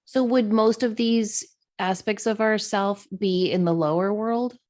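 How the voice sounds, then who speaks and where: A woman's voice: medium pitch, fairly even intonation, measured pace, darkish tone. A woman co-hosting a podcast who asks curious questions and tells stories from her own practice. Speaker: podcast co-host. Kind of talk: casual spiritual chat.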